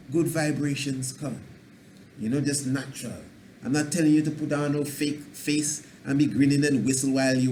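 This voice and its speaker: A man's voice: a little high, darkish tone, a little hiss or hum. A man giving a radio self-help talk as a spiritual teacher, rambling and preachy, acting out little scenes in dialect.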